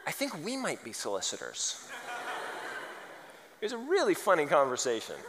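A man preaching a sermon, telling funny stories and building to loud, emphatic points. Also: fairly high pitch, background noise. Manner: animated, humorous, rising to loud emphasis. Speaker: pastor. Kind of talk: sermon with storytelling. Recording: reverberant large hall.

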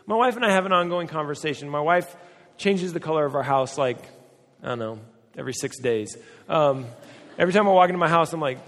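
A man's voice: on the high side, expressive, a little fast. A man preaching a sermon as a pastor, talking in a conversational, joking way and acting out the voices he quotes. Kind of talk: humorous sermon. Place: church hall. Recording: long reverb from a hall.

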